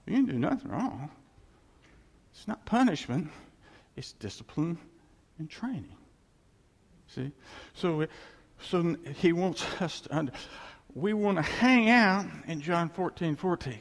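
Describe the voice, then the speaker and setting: A male preacher delivers a sermon in an animated, storytelling way, his voice sitting a little high and swinging widely in pitch. The tone is gravelly, and a long reverb from a large hall trails behind his words. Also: moderate pace. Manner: animated storytelling, acts out quoted voices, chuckles.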